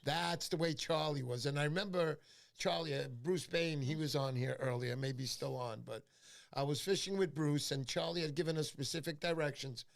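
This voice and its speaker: A man hosts a casual livestream, telling stories in loose rambling bursts full of fillers. His voice sits fairly high for a man. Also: fairly even intonation, moderate pace, gravelly. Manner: rambling storyteller with many fillers. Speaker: livestream host. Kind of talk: casual live-stream chat.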